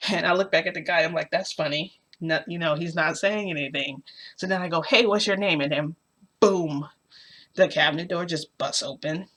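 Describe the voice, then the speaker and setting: A woman's voice: low voice, fairly even intonation, fairly quick, fairly bright tone. Rambling young woman telling a story. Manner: rambling, filler-heavy with lots of "like". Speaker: vlogger. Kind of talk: casual storytelling.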